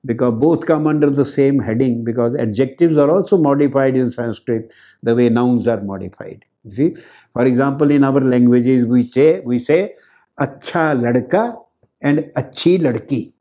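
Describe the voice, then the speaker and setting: A man's voice: medium pitch, moderate pace, dark tone. An older man with an Indian accent, a professor explaining grammar in a lecture, repeating key words and adding Hindi asides. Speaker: professor giving a talk on grammar.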